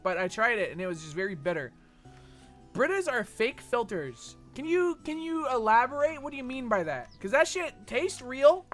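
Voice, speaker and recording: Lively swearing young streamer guy. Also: very high voice, moderate pace, soft background music. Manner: rambling, swears often, lots of fillers. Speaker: game streamer. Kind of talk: casual chat while gaming, reading chat.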